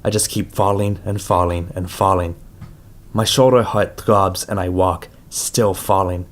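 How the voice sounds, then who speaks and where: Deep-voiced man reading an audiobook. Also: fairly even intonation, measured pace. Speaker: audiobook reader. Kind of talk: first-person audiobook narration.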